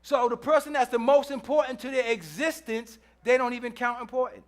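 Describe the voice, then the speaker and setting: In a church sermon, a pastor with a very high-pitched voice talks briskly through a humorous story. He acts out each person in it and leans on repeated phrases for emphasis.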